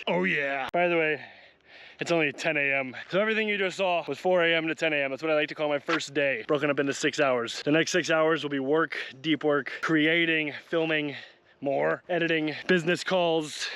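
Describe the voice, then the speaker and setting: A man's voice: on the high side, fairly bright tone, clear, resonant tone, no room sound. A man vlogging outdoors while running, upbeat and motivational, and out of breath. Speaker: fitness vlogger. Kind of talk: casual vlog while running. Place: outdoors on a hilly road.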